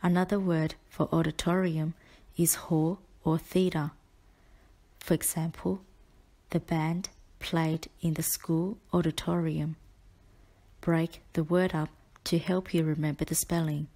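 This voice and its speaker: A woman tutor reads out a spelling list in a low, even voice. She speaks slowly and enunciates each word with care, like a dictation lesson. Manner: measured, deliberate, carefully enunciated.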